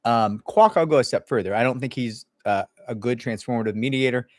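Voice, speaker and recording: A man's voice: medium pitch, a little fast, a little mellow, no echo. A man talking as an employment attorney in a casual livestream Q&A, blunt and sarcastic, mocking people in put-on voices. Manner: blunt, sarcastic, acts out others in mock voices.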